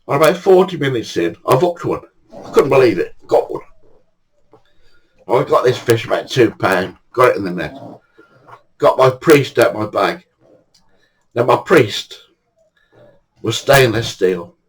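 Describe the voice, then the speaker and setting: Older man, husky voice, lively pitch, chatty storyteller. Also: a little slow, long pauses, low-quality recording. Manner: chatty, swears casually, acts out dialogue. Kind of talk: casual anecdote telling.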